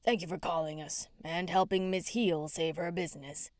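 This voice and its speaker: A woman voicing a calm, polite male officer in an audiobook. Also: on the low side, moderate pace, dry recording, studio quality, natural voice.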